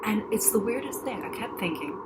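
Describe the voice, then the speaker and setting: A woman vividly recounting a frightening hospital experience, emotional and animated, acting out the people involved. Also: mid-range voice, brisk, heavy background noise. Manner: emotional, animated, acts out voices. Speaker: patient telling her story. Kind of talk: dramatic personal storytelling.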